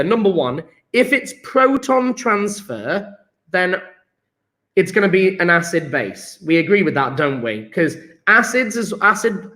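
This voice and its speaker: A man's voice: sits high, fairly bright tone. A man teaching a casual chemistry revision lesson, jokey and chatty, talking straight to his viewers.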